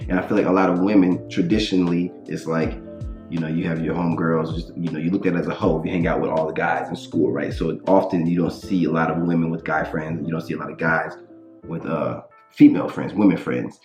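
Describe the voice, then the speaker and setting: A man with a very deep voice talks through ideas in a reflective, measured way. He co-hosts a casual conversation. The room echoes, with faint music underneath. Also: fairly even intonation, a little mellow, dull audio. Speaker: podcast co-host. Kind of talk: casual chat.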